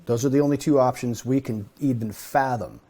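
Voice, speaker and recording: A man's voice: medium pitch, a little fast, mellow. A man leading a conversational Torah study, talking earnestly and thinking aloud. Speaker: Bible study teacher.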